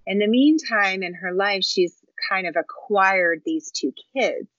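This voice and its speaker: A woman's voice: mid-range voice, measured pace, fairly bright tone, no echo. A woman casually summarizing a book's story in a book discussion, in a dry, slightly muffled recording. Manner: chatty, informal summarizing. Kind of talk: casual chat.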